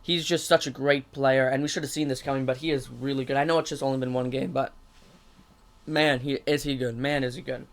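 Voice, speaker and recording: A man's voice: medium pitch, steady tone, a little fast. A man co-hosting a casual sports podcast, talking in an eager, rambling way about a match. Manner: eager, rambling fan talk. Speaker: podcast co-host.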